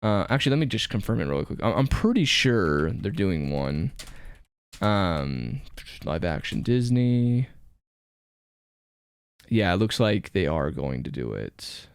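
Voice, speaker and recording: Male podcast co-host, smooth resonant voice, very expressive pitch, enthusiastic storyteller, dry close mic. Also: a little slow, long pauses, dry recording. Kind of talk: casual chat.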